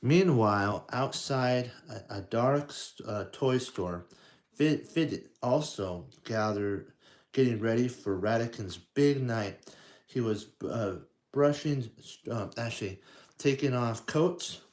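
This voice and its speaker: Slow, halting storybook reader, a man. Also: medium pitch, a little mellow. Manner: slow, halting, asks the listener questions. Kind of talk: reading a storybook aloud to children.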